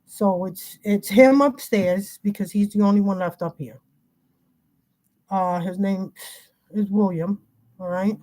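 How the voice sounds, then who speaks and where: A middle-aged woman talks on a home livestream in an agitated, rambling way. She keeps breaking off and restarting her sentences. Her voice sits at a medium pitch. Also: fairly even intonation, unhurried, long pauses, mellow. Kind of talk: casual livestream talk.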